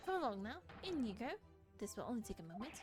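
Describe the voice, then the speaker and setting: A woman's voice: on the high side, big pitch swings, quick pace. A woman voicing an eccentric male detective in a grand, theatrical manner with a put-on British accent. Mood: coaxing. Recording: game music playing behind.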